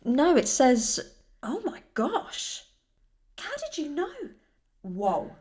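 Awestruck sketch girl, higher pitch, slow breathy reactions. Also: lively intonation, slight background noise. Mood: awed.

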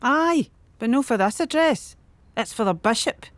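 A woman's voice: a little high, expressive, normal speed, no room sound, close to an everyday voice. A woman playing a blunt Scottish delivery rider. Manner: blunt, matter-of-fact. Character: blunt young female delivery rider, no nonsense.

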